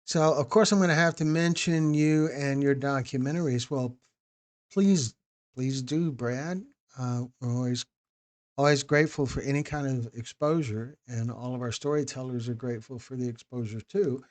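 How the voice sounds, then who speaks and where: A man's voice: medium pitch, steady tone, moderate pace. A man hosting a live stream, chatting casually with viewers by name and often restarting his phrases. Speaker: documentary host answering live chat.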